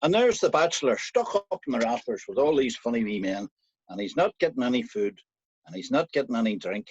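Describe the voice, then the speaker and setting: A man with an Irish accent telling a folk tale in a lively, conversational way, speaking straight to his listeners. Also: medium pitch, a little fast, husky, no room sound, muffled recording. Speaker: storyteller.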